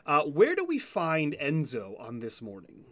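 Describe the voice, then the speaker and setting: A man in the game master's seat, his voice sitting a little high, talking in a loose, chatty way. He laughs easily between bits of narration as he runs the tabletop session. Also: huge pitch swings, a little slow, a bit bright. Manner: casual and chatty, laughs often.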